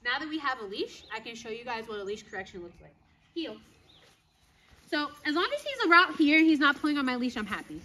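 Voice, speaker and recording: A woman with a high voice coaching her dog and talking viewers through each step in a firm, brisk way. She keeps checking in with short tag questions. A faint hiss of outdoor noise sits underneath. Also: big pitch swings, bright, forceful tone. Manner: talks to viewers while praising and commanding her dog. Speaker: dog trainer. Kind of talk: outdoor training demonstration.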